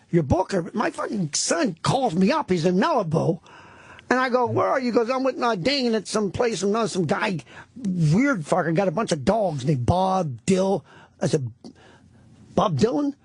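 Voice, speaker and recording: A man's voice: sits high, moderate pace, slightly rough, no echo. A middle-aged man telling rambling, profane stories in casual talk-radio banter as a comedian guest. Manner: profane, rambling, animated storyteller.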